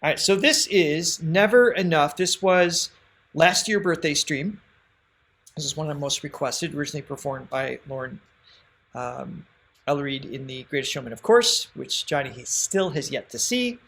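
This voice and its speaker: A man's voice: fairly high pitch, normal speed, vocal fry, a bit bright. A man co-hosting a song reaction livestream, chatting casually, laughing often and thanking viewers by name.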